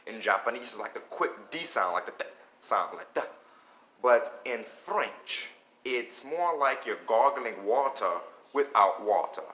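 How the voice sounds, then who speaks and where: A man's voice: medium pitch, lively intonation, a little slow, sharp tone. A man giving a casual spoken beginner language lesson, talking loosely and often checking in with "okay?". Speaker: language teacher. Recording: echoey room with faint noise.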